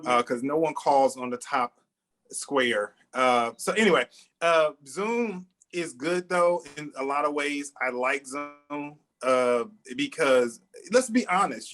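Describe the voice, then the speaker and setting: High-voiced man doing stand-up over a video call. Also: takes it slowly, a bit bright, low-quality recording. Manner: rambling storytelling with frequent restarts. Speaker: stand-up comedian.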